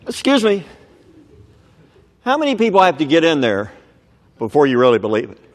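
A man preaching a sermon, dramatic and swinging from shouts down to near whispers, who keeps checking that the crowd is listening. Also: a little high, huge pitch swings, moderate pace. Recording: long hall reverb.

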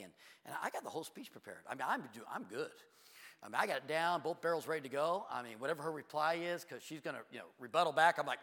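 Animated pastor in a reverberant church hall. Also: male voice, on the high side, fast. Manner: animated storytelling, acts out both sides of conversations. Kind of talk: sermon. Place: church sanctuary.

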